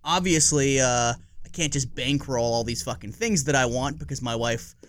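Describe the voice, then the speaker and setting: A man's voice: mid-range voice, moderate pace, a bit bright. A man in his forties co-hosting a podcast, chatting casually in a rambling, profane way and laughing easily. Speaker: podcast co-host. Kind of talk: casual chat.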